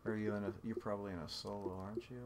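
A man's voice: on the low side, level tone, very fast, heavy background noise. A man streaming a game and chatting casually with a teammate, full of sarcastic, self-mocking banter, on a desktop microphone. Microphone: desktop USB microphone.

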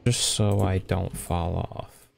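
A man's voice: sits low, level tone, slow pace, gravelly, a little mellow, a little hiss or hum. A young man giving casual, rambling commentary while playing a block-building game, talking to himself as he goes. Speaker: gaming YouTuber. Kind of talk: casual Minecraft let's play commentary.

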